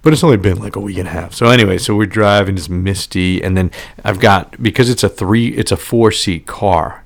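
A man's voice: sits low, a little fast, creaky. A man co-hosting a podcast, chatting casually and crudely, rambling and joking with frequent laughs. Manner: rambling, jokey, laughs often. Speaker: podcast co-host. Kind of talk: casual crude comedic chat.

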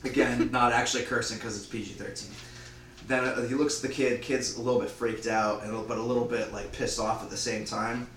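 A man casually retelling an invented movie plot, rambling and slipping into quick voices for the characters. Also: mid-range voice, level tone, fairly bright tone, echoey room, recorded from a distance, low-quality recording.

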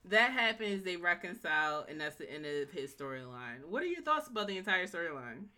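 A woman co-hosting a casual show recap, emphatic and animated, often acting out the scenes. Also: lowish voice, brisk. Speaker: podcast co-host.

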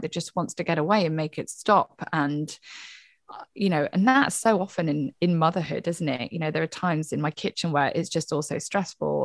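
A woman's voice: deep voice, vocal fry, no room sound, studio quality. A woman, a therapist and mother, talking candidly and earnestly in a reflective podcast conversation, often saying "you know".

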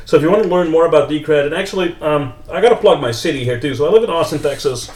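A man's voice: a little high, fast, roomy sound, far from the mic. A man with a Dutch accent, chatting as a podcast guest, restarting his sentences often. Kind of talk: casual chat.

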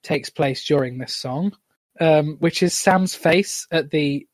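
Chatty podcast host, dry close sound. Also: male voice, on the high side, expressive, measured pace, no room sound. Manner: chatty, hesitant with fillers. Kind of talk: casual chat.

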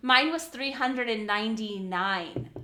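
A woman's voice: on the high side, a little slow, pushed and bright, echoey room, a little hiss or hum. A woman co-hosting a podcast, chatting casually and animatedly, acting out quotes and swearing as she tells a story. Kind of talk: casual chat.

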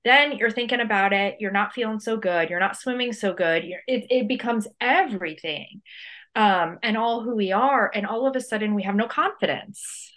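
Bright-voiced woman reasoning aloud on a podcast. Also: mid-range voice, normal speed. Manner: reflective, reasons aloud with quoted self-talk. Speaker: podcast co-host, researcher. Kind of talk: casual chat.

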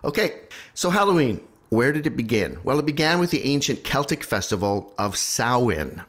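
A man hosting a podcast, chatting eagerly about history with a co-host. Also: mid-range voice. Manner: dramatic slow reading, then excited chatter. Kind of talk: casual podcast chat.

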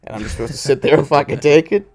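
A man's voice: on the high side, fast talker, a little mellow. A man telling petty street run-in stories in a casual chat, swearing a lot and acting out the voices of the people in them, laughing often. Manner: profane, laughing, acts out voices in his stories; petty and confrontational. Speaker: podcast co-host.

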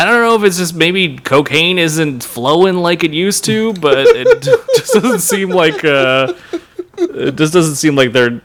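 A man in his thirties, a podcast co-host, talking casually and playfully and laughing often. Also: on the high side. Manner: animated, laughs often, playful put-on voices. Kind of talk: casual chat.

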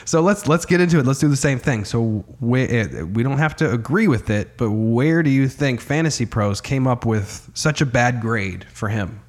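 A man co-hosts a casual podcast in a loose, swearing way. His pitch swings widely as he talks, rising and falling with lots of movement. He runs the segments and keeps things moving. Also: expressive, moderate pace, few pauses. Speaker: podcast co-host. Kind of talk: casual profane podcast chat.

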